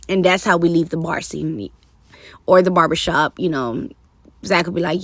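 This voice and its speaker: Lady rambling about a tv show, lowish voice, dry close sound. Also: normal speed, vocal fry, breathy edge, dry recording. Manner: casual, rambling with fillers. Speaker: TV commentator. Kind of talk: casual commentary vlog.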